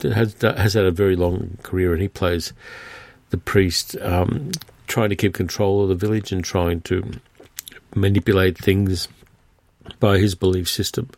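A man's voice: sits low, fairly even intonation, measured pace, creaky, darkish tone. A man hosting a film podcast, talking through a movie in a conversational, rambling way with many fillers and restarts. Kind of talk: casual spoken film review.

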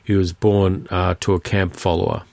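A man's voice: low voice, little pitch movement, normal speed, gravelly, darkish tone, dry recording. A man hosting a film podcast, talking through a movie in a conversational, rambling way with many fillers and restarts. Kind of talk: casual spoken film review.

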